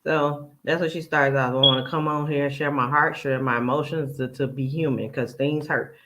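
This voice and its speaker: Heavy noise surrounds this man's steady, mid-range voice as he speaks at a moderate pace. He runs a laid-back reaction commentary, quoting another person and tearing into what they said.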